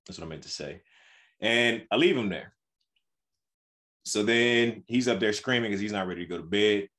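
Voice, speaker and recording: A man's voice: fairly low pitch, normal speed. A young man co-hosting a podcast, telling a family story in casual chat and acting out the dialogue. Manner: animated storytelling, acts out dialogue. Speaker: podcast co-host.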